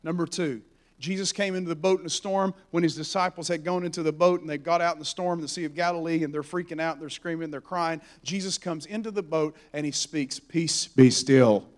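A man preaching a sermon, animated and storytelling as he acts out the voices in the stories. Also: fairly high pitch, quick pace.

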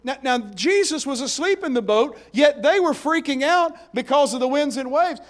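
A man preaching a sermon, swinging between hushed passages and loud emphatic ones. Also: very high voice, animated, normal speed, hardly any pauses. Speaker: pastor.

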